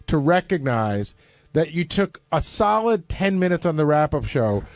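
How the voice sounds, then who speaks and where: A man's voice: a little high, big pitch swings, normal speed, no room sound. A man on a radio show arguing pointedly and teasing a colleague in casual studio banter.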